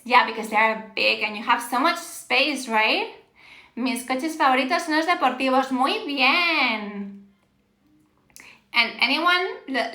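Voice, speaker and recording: Over a phone live stream, a woman with a high, bright voice gives a Spanish lesson, slowly reading her viewers' answers aloud and warmly praising them. She switches between English and Spanish and laughs readily, with a roomy echo around her.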